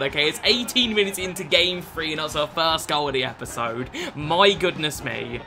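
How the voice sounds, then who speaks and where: A man's voice: on the high side, moderate pace, few pauses, soft background music. Sweary young British man commentating gameplay. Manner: excitable, sweary, frequent exasperated outbursts. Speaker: gaming YouTuber.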